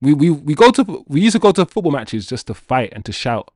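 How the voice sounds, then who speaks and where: Guy streaming footy chat, playful and animated, dry close mic. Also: fairly high pitch, fairly quick, dry recording. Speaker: football channel host reading chat. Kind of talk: casual livestream chat.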